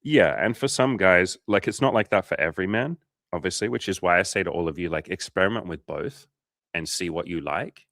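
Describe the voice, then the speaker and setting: A man's voice: sits low, a little fast, a bit bright, no echo, clean studio sound. An Australian man, a dating coach, chatting casually on a livestream, swearing often and acting out little scenes.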